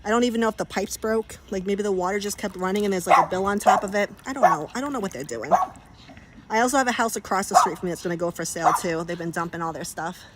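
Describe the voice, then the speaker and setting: A woman's voice: mid-range voice, quick pace, heavy background noise. Chatty woman livestreaming from a pool. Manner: chatty, laughs often, talks to her dogs. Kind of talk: casual livestream chat. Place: backyard pool, outdoors.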